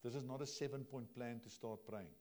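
A man preaching a sermon from the pulpit in a mid-pitched voice. He talks to the congregation plainly and directly, swinging between soft, low asides and loud, emphatic stretches. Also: fairly even intonation, a little fast. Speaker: pastor.

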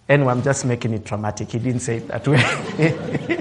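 A man's voice: high voice, very animated, moderate pace. A man preaching a sermon, swinging his voice up and down for emphasis, acting out quotes and laughing now and then. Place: office worker.

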